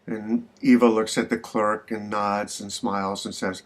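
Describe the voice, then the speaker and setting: A man's voice: on the low side, fairly even intonation, measured pace, hardly any pauses. An older man telling a joke in a friendly, folksy way, as a message to a friend. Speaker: joke teller. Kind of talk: casual spoken joke message.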